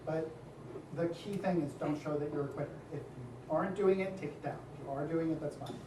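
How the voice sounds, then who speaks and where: A man's voice: on the high side, a little fast, background noise. Man, casual presentation talk, chatty asides, echoey room, distant mic, faint ambience. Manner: chatty, with frequent asides and light laughter. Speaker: speaker at a design community event. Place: event room with a live audience.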